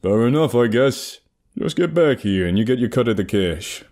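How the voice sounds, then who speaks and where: A man's voice: mid-range voice, animated, normal speed, darkish tone, lightly acted. A man doing a blunt gangster on the phone. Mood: curt. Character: male gang member on the phone, curt.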